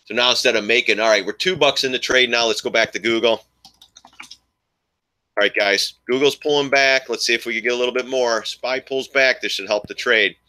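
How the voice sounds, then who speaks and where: A man's voice: mid-range voice, steady tone, brisk, pushed and bright, no echo. A man giving casual live commentary on his stock trades, rambling and thinking aloud as he talks to his viewers. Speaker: stock trading streamer.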